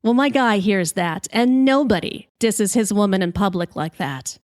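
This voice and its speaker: A woman podcast host telling a comic story in a lively, brash way, swearing freely. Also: mid-range voice, normal speed, dry recording, studio quality.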